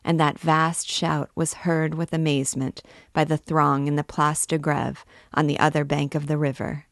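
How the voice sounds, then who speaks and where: A woman reads a classic novel aloud in a low, gravelly voice. She takes it slowly and deliberately, with the dry closeness of a mic set up near her. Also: flat delivery, no room sound. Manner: measured, deliberate reading. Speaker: book reader and guide. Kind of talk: literary read-aloud narration.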